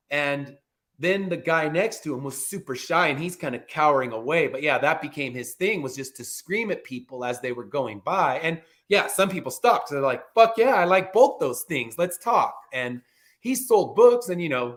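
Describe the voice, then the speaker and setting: A man's voice: fairly high pitch, animated, normal speed, a bit bright. A man guest on a podcast, a comic creator, telling stories in a casual, matter-of-fact way with some swearing. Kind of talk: casual interview chat.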